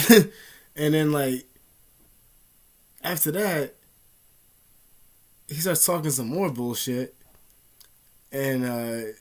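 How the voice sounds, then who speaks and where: A man's voice: a little high, drawn-out words, long pauses. A young man casually telling a personal story to camera, heavy on slang, swearing and fillers. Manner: profane and slangy, with many fillers. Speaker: vlogger.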